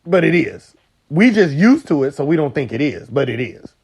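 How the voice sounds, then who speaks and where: A man's voice: on the high side, moderate pace, vocal fry, breathy edge. A man co-hosting a podcast, arguing his point in casual debate with frequent laughter. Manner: lively, laughs often, argumentative. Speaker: podcast co-host.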